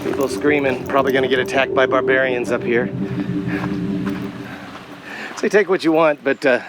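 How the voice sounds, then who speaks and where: A man's voice: medium pitch, steady tone, fast talker, over loud music. Frustrated, cursing man vlogging outdoors. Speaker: vlogger walking a pilgrimage trail. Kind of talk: vlog narration and walking selfie talk. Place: outdoors on a rural walking trail. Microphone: handheld phone.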